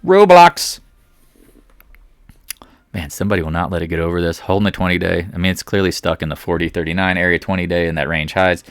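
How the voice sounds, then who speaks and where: A man's voice: low voice, flat delivery, rapid-fire, hardly any pauses, a bit bright, dry recording, studio quality. A man giving casual stock chart commentary, sarcastic and talking to the charts in muttered asides. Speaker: market commentator.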